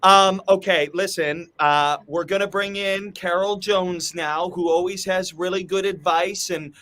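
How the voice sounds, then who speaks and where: A man's voice: high-pitched, fairly even intonation, measured pace, pushed and bright. A Canadian man hosting a casual show, upbeat and enthusiastic with guests. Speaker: host.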